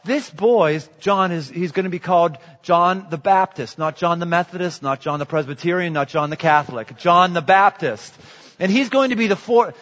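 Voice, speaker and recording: A man preaching a sermon in a lively, joking way. He repeats himself and acts out voices. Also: fairly high pitch. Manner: animated, jokey, repetitive, acts out voices. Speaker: pastor. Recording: echoey hall, dull sound.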